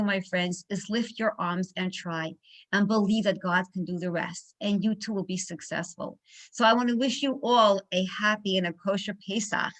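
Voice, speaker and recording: Animated New woman telling stories. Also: on the high side, low-quality recording. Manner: animated storyteller, acts out dialogue. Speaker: guest speaker. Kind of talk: inspirational talk with storytelling.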